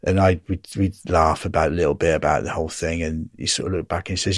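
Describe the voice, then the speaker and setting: A chatty English man in his fifties tells long anecdotes, often breaking into laughter. His voice sits fairly low. The recording is dry and close. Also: fairly quick, no echo. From England. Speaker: guest. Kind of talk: casual storytelling interview.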